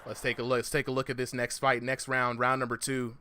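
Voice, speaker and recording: A man's voice: mid-range voice, monotone, fast talker, sharp tone. A man calling a boxing exhibition live as a commentator, full of slang and hype, often asking "you know what I'm saying". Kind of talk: live esports-style fight commentary. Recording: noisy livestream audio.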